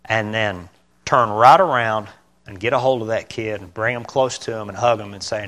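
A middle-aged man preaching an informal sermon in a small church room, earnest and halting, correcting himself and breaking into sudden loud bursts. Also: lowish voice. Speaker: lay preacher.

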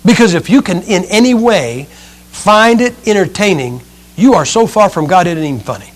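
High-voiced man preaching a sermon. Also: animated, normal speed. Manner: emphatic, swings between loud and hushed.

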